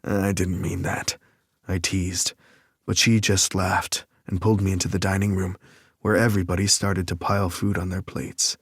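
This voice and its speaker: A man narrating a romance audiobook in first person, measured and even. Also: low voice, breathy edge, no echo, clean studio sound.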